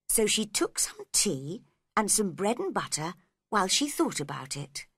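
A woman reading a storybook aloud slowly and clearly for learners. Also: mid-range voice, no room sound, studio quality. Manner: slow, clear, lively reading. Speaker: reader. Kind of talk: storybook read-along narration.

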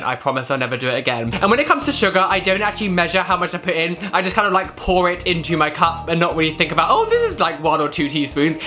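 Lively British young man vlogging. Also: a little high. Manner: giggly, animated and blunt, with frequent swearing. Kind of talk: casual chat answering tag questions.

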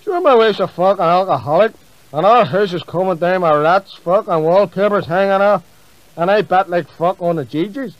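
A man voicing a loud, blunt, foul-mouthed working-class caller. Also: high-pitched, moderate pace, dry recording, lightly acted. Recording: muffled comedy CD.

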